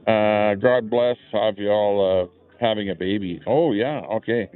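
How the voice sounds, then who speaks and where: Seated at an outdoor rally, a man with a fairly low pitch speaks a little slowly as he hosts a live stream, chatting loosely and greeting chat viewers. He uses a small clip-on microphone, and the audio sounds tinny and lo-fi, like a phone.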